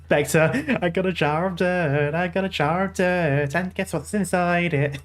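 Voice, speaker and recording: A man's voice: high-pitched, measured pace, faint music behind. Man chatting casually over a game. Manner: chatty, self-deprecating, rambling with restarts. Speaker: game streamer. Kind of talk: casual let's-play commentary.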